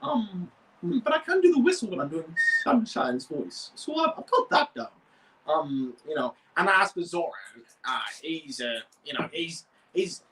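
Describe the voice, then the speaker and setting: A man's voice: a little high, big pitch swings, unhurried, a bit bright, far from the mic, poor audio. A young man hosting a model-building video, chatting casually and rambling with frequent restarts. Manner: rambling, many fillers and restarts. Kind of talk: casual chat.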